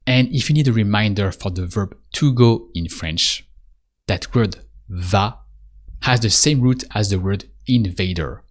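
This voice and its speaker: A man giving a spoken language lesson, patiently repeating prompts and pausing for the listener to answer. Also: lowish voice. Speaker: French teacher.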